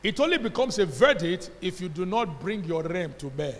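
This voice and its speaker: A man's voice: high voice, big pitch swings, normal speed. A man with a Nigerian accent preaching a sermon as pastor, emphatic and call-and-response, drawing answers from the congregation. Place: church hall. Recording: long church-hall reverb.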